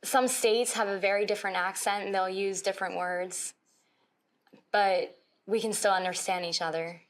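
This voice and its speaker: A woman's voice: medium pitch, steady tone, normal speed, rough recording. A woman being interviewed who explains things in a plain, matter-of-fact way.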